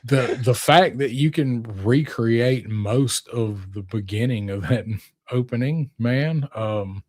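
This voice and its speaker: A man's voice: medium pitch, takes it slowly, darkish tone, no echo, studio quality. A man co-hosting a casual toy show podcast, talking in a loose, rambling way with frequent restarts and fillers. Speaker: co-host.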